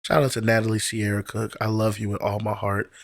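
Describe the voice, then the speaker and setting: A man's voice: fairly low pitch, monotone, brisk, vocal fry. A young adult man, a poet and teacher, talking on a podcast as a guest and telling personal stories candidly and with feeling. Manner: candid, heartfelt storytelling with casual profanity. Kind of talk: casual podcast conversation.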